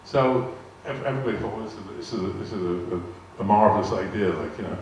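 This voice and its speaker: An older man, a guest speaker in a large arts hall, tells rambling anecdotes to a live audience, often repeating words and acting out quoted dialogue. His voice is fairly low and darkish, and he talks fast. A distant mic picks up the echoey hall, faint noise, and audience laughter.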